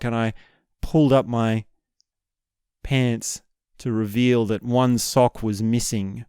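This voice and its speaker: A man's voice: medium pitch, fairly even intonation, slow pace, a little mellow, smooth, no room sound, clean studio sound. A man hosting a podcast, telling an embarrassing personal story in a candid, self-deprecating way. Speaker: podcast host. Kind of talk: storytelling monologue.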